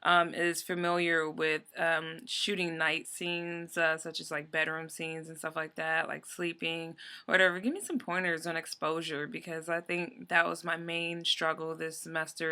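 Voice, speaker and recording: A woman's voice: low voice, sharp tone, smooth. A young adult woman ranting in a casual vlog, telling a story in a rambling, exasperated way with lots of fillers. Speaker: vlogger.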